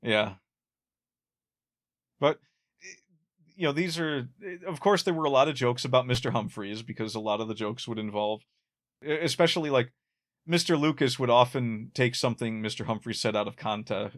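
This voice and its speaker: A man's voice: medium pitch, moderate pace, long pauses. Rambling man chatting about an old sitcom. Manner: rambling, many restarts, chuckles at his own jokes. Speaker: podcast co-host. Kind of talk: casual chat about a sitcom.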